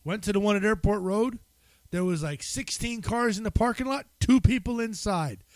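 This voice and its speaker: High-voiced, teasing male podcast co-host. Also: moderate pace, darkish tone, no echo. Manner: laughing, teasing storyteller. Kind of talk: casual chat.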